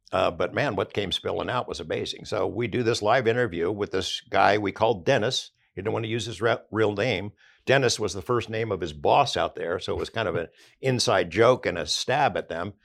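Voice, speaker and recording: A man's voice: fairly low pitch, creaky. An older man, an investigative journalist, recounting past events conversationally in a podcast interview.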